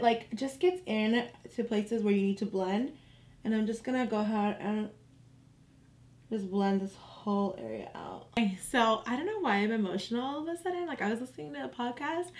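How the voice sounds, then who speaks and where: A young woman chatting casually to her viewers as she walks through a makeup tutorial. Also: on the high side. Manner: chatty, relaxed, addresses viewers as "you guys". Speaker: beauty vlogger.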